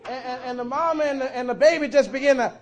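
A man preaching a sermon, telling a story with fervor and swelling to shouts. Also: very high voice, steady tone, fast, crowd noise.

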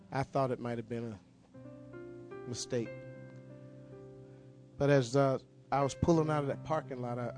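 A man, a pastor praying and then telling a story to his congregation, earnest and repetitive, often halting and restarting his sentences. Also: medium pitch, a little mellow. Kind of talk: prayer and sermon storytelling.

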